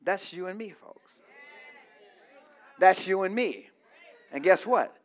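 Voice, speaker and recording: Male preacher with a very high voice, delivering a call-and-response sermon that builds to shouting. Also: lively intonation, takes it slowly. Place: church.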